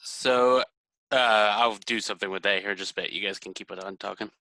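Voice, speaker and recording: Low-voiced man playing a tabletop game. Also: fairly even intonation, a little fast, sharp tone, no room sound, rough recording. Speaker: player. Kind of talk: casual tabletop game chat.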